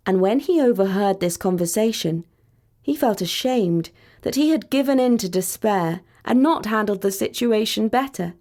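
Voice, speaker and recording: A woman storyteller narrating a fairy tale in a clear, measured, deliberate way. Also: mid-range voice, darkish tone.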